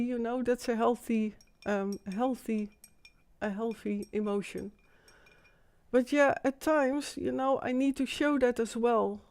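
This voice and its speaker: A woman's voice: on the high side, a little mellow, dry recording. A woman hosting an emotional live-stream monologue, shaken and insistent, often repeating herself.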